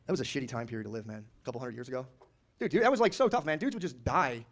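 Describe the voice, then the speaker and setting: A man's voice: mid-range voice, expressive, racing, slight background noise. A man in his thirties doing a stand-up comedy set on a club stage. He is brash and profane, riffs with the crowd and acts out characters.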